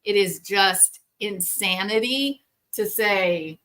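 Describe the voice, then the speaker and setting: A woman hosting a talk show, explaining things casually and acting out parents and children in quick quoted voices. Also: mid-range voice, sharp tone. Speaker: podcast host. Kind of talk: explanatory commentary.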